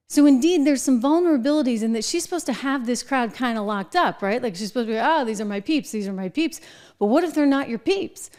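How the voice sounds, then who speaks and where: Middle-aged woman host; opinionated political commentary, sarcastic and animated, slightly high voice. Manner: sarcastic, animated, mocking asides.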